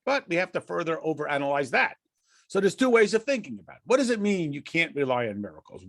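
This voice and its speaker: American guy giving a torah class, voice bounces all over, kinda high, dry sound. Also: fast, no echo. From United States. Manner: lively, questioning, with frequent restarts and chuckles. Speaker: rabbi teaching a class. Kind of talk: conversational Torah lesson.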